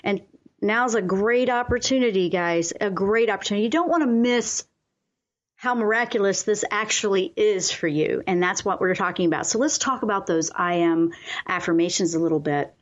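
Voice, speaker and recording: A woman's voice: medium pitch, normal speed, muffled recording. A woman hosting a spiritual self-help radio show, talking earnestly and coaching listeners through affirmations.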